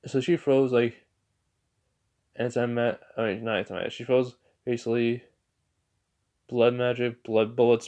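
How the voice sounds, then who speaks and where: A man narrating a fan story in a rambling, halting way, often correcting himself. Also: medium pitch.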